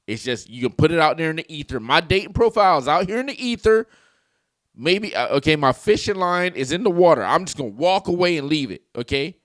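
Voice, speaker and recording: A man's voice: on the high side, lively intonation, brisk, fairly bright tone, no echo, studio quality. A man hosting a casual reaction video, telling stories with lots of swearing and laughing at the clips.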